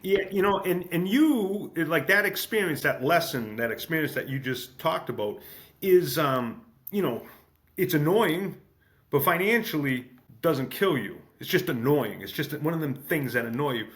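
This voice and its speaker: A man from the United States chatting on a podcast in an animated, self-deprecating way, with many halting restarts. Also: fairly high pitch. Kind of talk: casual podcast conversation.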